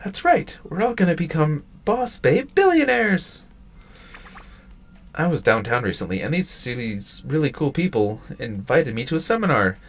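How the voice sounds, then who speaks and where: A man reading aloud in a high, shrill voice as a gullible, excitable schoolgirl who whines and protests. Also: moderate pace, soft background music. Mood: excited.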